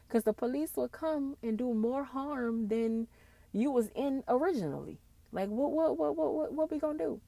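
Gravelly impassioned woman podcaster. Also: high-pitched, lively intonation, moderate pace, warm tone, no room sound. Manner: impassioned, ranting with repeated phrases and slang. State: tearful. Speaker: podcast host. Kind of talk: emotional solo podcast monologue.

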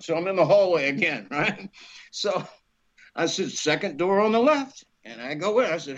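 A man, an actor guest, telling a lively anecdote, acting out voices and laughing often. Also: fairly high pitch, moderate pace, dull audio. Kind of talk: animated storytelling.

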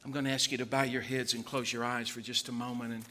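A male pastor preaching a sermon in an emphatic, animated way, acting out the voices of the people in his stories. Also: medium pitch, fast.

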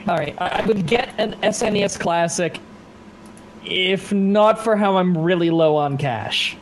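A man's voice: high-pitched, unhurried, slight background noise, rough recording. A man guesting on a live gaming podcast, chatting casually, rambling and swearing with a self-deprecating streak. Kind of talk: casual chat. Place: home setup, reading live chat.

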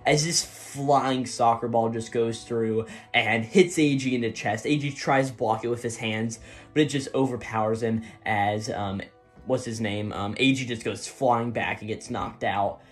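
A man rambles through a comic recap in loose, casual chat, stacking fillers and tagging lines with "right?". His pitch sits mid-range, and faint music plays underneath. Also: steady tone, a little slow. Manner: rambling, filler-heavy, keeps asking "right?". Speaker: manga recap host.

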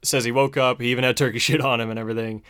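Man, podcast host, casual movie recap, swears a lot, chuckles, mid-pitched voice. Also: flat delivery, rapid-fire, fairly bright tone, clear, resonant tone. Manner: profane, laid-back retelling with chuckles.

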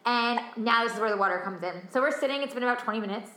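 A young woman recounts a long ordeal in casual chat, exasperated and animated, jumping in to act out what other people said. Her voice sits a little high. The room is echoey. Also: very fast.

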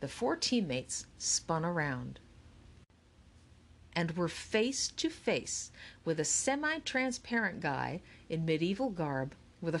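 Lively low-voiced woman audiobook narrator. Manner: expressive, animated. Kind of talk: scripted narration.

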